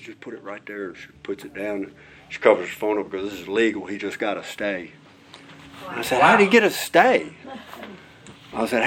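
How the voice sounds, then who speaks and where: A man's voice: fairly low pitch, slight background noise. A middle-aged man, a director of prison chaplains, telling a story in a folksy, conversational way and acting out the voices of the people he quotes. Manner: animated, acts out quoted voices. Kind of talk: storytelling testimony.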